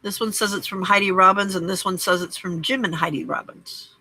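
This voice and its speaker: A woman's voice: medium pitch, fairly even intonation, fairly quick, bright, forceful tone, poor audio. A woman hosting a late-night crafting livestream from her home craft room, chatting casually, greeting viewers by name and teasing herself.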